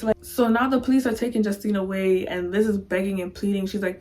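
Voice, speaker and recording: A woman vlogger telling a novel's plot in a casual storytime. She is animated and dramatic, and she slips into the characters' voices at a mid-range pitch. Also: a little fast, few pauses.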